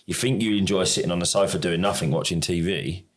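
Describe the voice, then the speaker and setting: A middle-aged man from the UK co-hosting a podcast, talking in a loose, rambling way. His voice sits very low, and he keeps restarting his sentences and poking fun at himself. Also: steady tone, fast talker. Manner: rambling, self-deprecating, restarts a lot. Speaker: podcast co-host. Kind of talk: casual chat.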